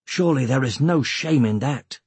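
A man voicing a tough, determined young male leader in a storybook reading, with a low growling tone. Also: animated, moderate pace, a little mellow, slightly rough, no echo. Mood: firm.

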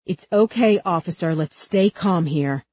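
A calm, steady man speaks low and firm, soothing yet commanding, as a woman narrator puts him on. The tone is husky, lowish and dry, with a slightly muffled sound. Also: moderate pace, no echo.

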